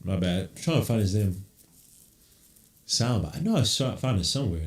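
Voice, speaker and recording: A man hosting a podcast, giving casual live play-by-play with loose slang and excited outbursts. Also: on the low side, normal speed, echoey room. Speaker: podcast host. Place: room at home on camera.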